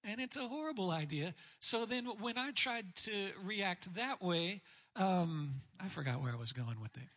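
A man with a high, bright voice preaches to a church congregation about marriage. His tone is breathy and a little husky, and he talks candidly, often poking fun at himself in a loose, conversational way. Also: expressive, moderate pace. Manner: candid, self-deprecating, conversational. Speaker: pastor speaking on marriage. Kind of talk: sermon.

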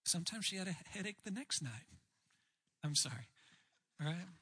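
Male pastor, high bright voice with some breathiness, candid and self-deprecating sermon delivery. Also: animated, moderate pace, husky. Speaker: pastor speaking on marriage.

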